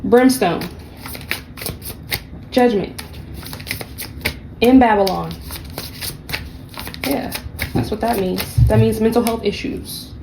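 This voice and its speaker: A woman's voice: a little high, slow pace, pauses often, noisy background. A woman giving a casual tarot reading, blunt and profane, with sassy, mocking asides. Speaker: tarot reader.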